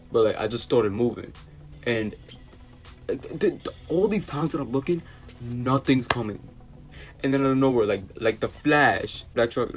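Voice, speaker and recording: A man's voice: mid-range voice, darkish tone. A teenage young man from New City, telling an exasperated storytime vlog full of fillers and restarts. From New York City. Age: teens. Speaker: vlogger.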